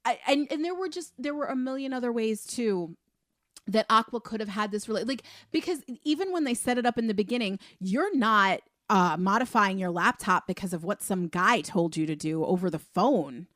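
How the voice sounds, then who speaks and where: A woman's voice: medium pitch, moderate pace, fairly bright tone, no echo, studio quality. A woman co-hosting a podcast in casual film review chat, emphatic and exasperated, speeding up when heated. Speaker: podcast co-host.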